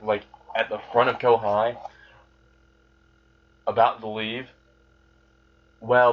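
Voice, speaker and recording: A man's voice: mid-range voice, fairly bright tone, highs cut off. Rambling man retelling a fan story. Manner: rambling, swears casually.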